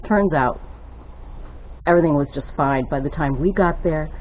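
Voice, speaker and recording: An older woman telling a lively story while she cooks at home, chatty and laughing often. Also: deep voice, moderate pace, a little hiss or hum, low-quality recording. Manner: chatty, laughs often, gets excited retelling stories. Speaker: cooking vlogger. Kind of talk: casual storytelling while cooking.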